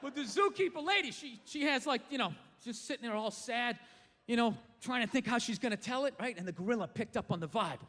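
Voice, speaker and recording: A male stand-up comedian performing on a club stage, ranting loudly and swearing often. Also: very high voice, animated, a little fast. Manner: profane, ranting, loud. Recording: live venue with reverb and audience.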